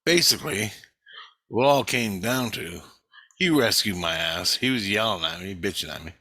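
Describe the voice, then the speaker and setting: A man's voice: on the low side, expressive, moderate pace, bright, forceful tone. Rambling, profane man telling a story. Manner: rambling, profane, with frequent restarts. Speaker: vlogger recounting an astral travel experience. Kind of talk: casual storytelling.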